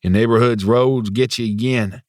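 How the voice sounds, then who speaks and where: A man voicing a nervous young country mechanic who talks in a halting country-boy drawl. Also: medium pitch, fairly even intonation, no echo, clean studio sound, voice pushed up, close to an everyday voice. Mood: shy.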